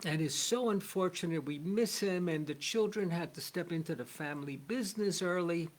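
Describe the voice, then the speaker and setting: A man's voice: a little high, normal speed, natural voice. A man voicing a loyal male house servant who earnestly relays news in a told story.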